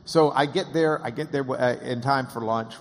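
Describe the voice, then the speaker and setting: Man telling a lively story in a reverberant hall. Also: mid-range voice, normal speed. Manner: animated, acts out quoted voices, laughs often. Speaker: interviewer and storyteller. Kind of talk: casual anecdotal storytelling.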